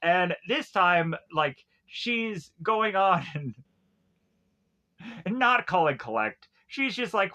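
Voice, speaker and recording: Young man, TV episode reviewer, rambling recap, chuckling, high bright voice. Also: very animated, slow. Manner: rambling, lots of fillers, chuckles often. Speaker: TV show reviewer.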